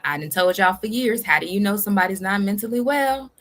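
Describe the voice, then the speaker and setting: A woman's voice: mid-range voice, lively intonation, a little fast, fairly bright tone, a little hiss or hum. A woman hosting a reaction video, giving casual, sassy and profane commentary while teasing her viewers.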